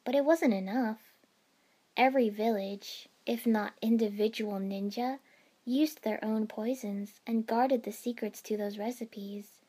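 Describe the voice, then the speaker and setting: A woman reading a first-person fan fiction story aloud in a steady storytelling manner. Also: on the high side, a little slow, husky. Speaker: narrator.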